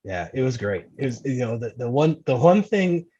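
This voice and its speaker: A man talks casually as a podcast guest, his voice husky and slightly rough. He rambles in a chatty way, repeating words as he tells his stories. The recording sounds dull and a little lo-fi. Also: mid-range voice, big pitch swings, normal speed, warm tone.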